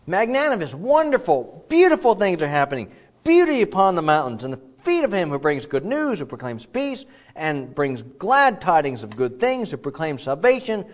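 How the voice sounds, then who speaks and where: A man preaching a sermon, reading scripture dramatically and acting out the quotes in an animated, theatrical way. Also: on the high side, moderate pace. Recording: dull lo-fi recording.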